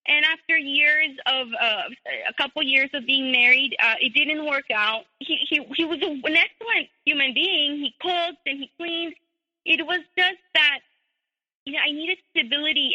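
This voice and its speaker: A woman guest telling her personal story in a measured way, with many pauses and restarts. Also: high-pitched, bright, forceful tone, big-room sound, poor audio. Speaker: interview guest.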